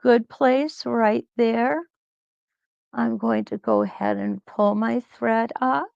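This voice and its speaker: A woman hosting a live quilt-along, talking slowly and reassuringly as she thinks aloud through each stitching step. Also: fairly high pitch, steady tone, vocal fry, darkish tone, dry recording, highs cut off. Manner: slow, reassuring, thinks aloud while sewing.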